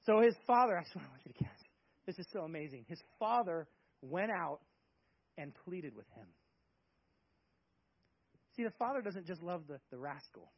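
A man preaches a sermon in an emphatic, conversational way, throwing out rhetorical questions. His voice sits high and sounds husky. The recording is dull and lo-fi. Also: lively intonation, moderate pace, pauses often. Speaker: pastor.

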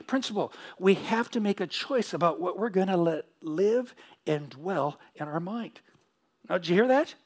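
A man's voice: high voice, husky. A middle-aged man pastor preaching a sermon, telling stories and asking the audience questions, with repeated phrases.

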